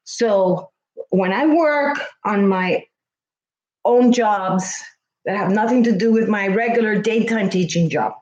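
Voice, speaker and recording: A woman's voice: medium pitch, takes it slowly, a little mellow, reverberant, muffled recording. A woman schoolteacher chatting earnestly with her viewers, heartfelt and repeating herself for emphasis. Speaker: schoolteacher and vlogger. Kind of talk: casual livestream chat with viewers.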